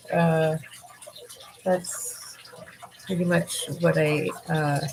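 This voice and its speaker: A middle-aged woman hosting a casual livestream, talking in a halting way with many fillers and frequent laughs, tired and yawning. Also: sits low. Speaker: livestream host.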